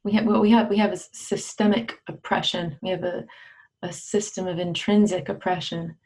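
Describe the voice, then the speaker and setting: A woman from Brooklyn speaks as a guest on a casual video chat. Her voice sits fairly low for a woman. She talks in a deliberate, earnest way and picks her words with care. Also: fairly even intonation, darkish tone, poor audio.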